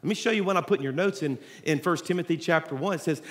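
A man's voice: a little high, fast talker. A man, preaching a sermon as pastor of a church, talking to the congregation in a casual, joking way. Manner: conversational storytelling preacher, jokes with congregation. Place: large church auditorium. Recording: reverberant church hall.

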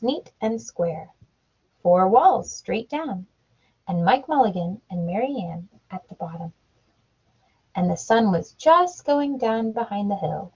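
A woman, a mother, reading a picture book aloud to her child at home, animated and playing up the sound effects. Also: mid-range voice, breathy edge. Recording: dull lo-fi home recording.

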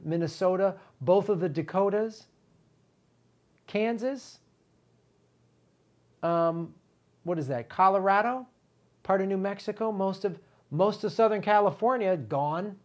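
Man, middle-aged, fairly high voice, indignant, emphatic, political commentary host. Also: highs cut off. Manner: animated, indignant, emphatic repetitions.

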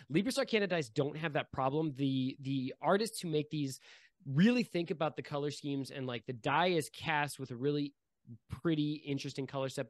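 A man's voice: medium pitch, no echo, studio quality. A man hosting a tabletop game podcast, doing a jokey sponsor read with teasing showman energy. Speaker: podcast host. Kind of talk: jokey ad read among friends.

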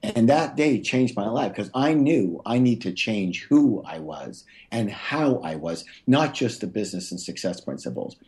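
Animated man telling a personal story. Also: unhurried, few pauses. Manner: animated, acts out quotes with big pitch jumps; stumbles and restarts often. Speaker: guest author. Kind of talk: emotional storytelling in an interview.

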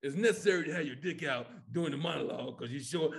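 Male comedian guest from Chicago; high-pitched, animated, profane storyteller. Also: quick pace, vocal fry, hardly any pauses. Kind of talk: casual podcast chat.

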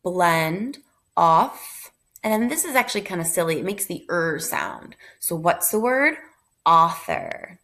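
A woman's voice: fairly low pitch, big pitch swings, measured pace, a bit bright. A woman teacher giving a phonics review lesson, sounding out letters one by one and blending them into words, with encouraging praise.

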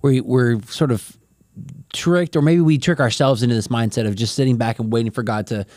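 A man's voice: mid-range voice, fairly quick, a little mellow, no room sound, clean studio sound. Earnest male co-host, medium voice. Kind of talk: casual podcast chat.

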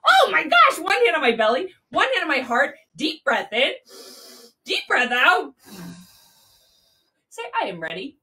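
A woman leads a children's yoga class in a bright, high voice. She swoops through a wide range in a playful, sing-song way. The sound comes from a mic set some way off in a home room. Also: big pitch swings, measured pace, long pauses, far from the mic. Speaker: kids' yoga teacher.

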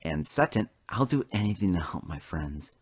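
A man voicing a small, loyal engine in a toy train story who talks bluntly and low. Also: very animated, normal speed, breathy edge, heavily acted.

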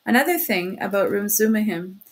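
A woman's voice: medium pitch, lively intonation, a little fast, natural voice. A woman reading aloud as a talkative, sly male criminal investigator who chats in a chummy, insinuating way. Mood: sly, probing. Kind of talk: audiobook reading.

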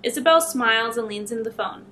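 A woman YouTuber reading short scary stories aloud in a chatty, expressive way. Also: a little high, fast talker, a little hiss or hum. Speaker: YouTube storyteller.

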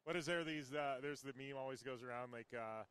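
A man hosting a podcast, chatting casually and cracking jokes with quick laughs. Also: mid-range voice, fairly bright tone, clear, resonant tone. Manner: jokey, laughs at his own quips. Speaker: podcast host.

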